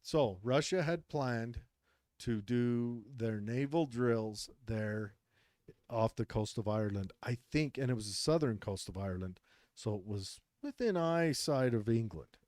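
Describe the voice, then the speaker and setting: A man's voice: mid-range voice, unhurried, a little mellow, dry recording, studio quality. A man co-hosting a podcast in casual chat, rambling with frequent restarts as he reads out a news story. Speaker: podcast co-host.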